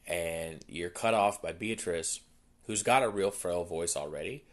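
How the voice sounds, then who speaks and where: A young man with a deep, low voice hosts a podcast and talks through a film's plot. He rambles casually, drops in plenty of fillers, and acts out quick snippets of dialogue along the way. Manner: rambling, filler-heavy retelling with quick quoted asides. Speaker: podcast host. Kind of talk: casual movie recap.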